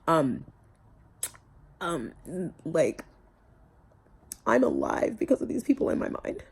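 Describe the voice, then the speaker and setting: A woman's voice: deep voice, wildly swooping pitch, slow pace, gravelly, husky. A young woman vlogging about her own life, candid and often close to tears, trailing off and laughing through it. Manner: tearful, breaks off mid-sentence, laughs through tears. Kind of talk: emotional personal vlog.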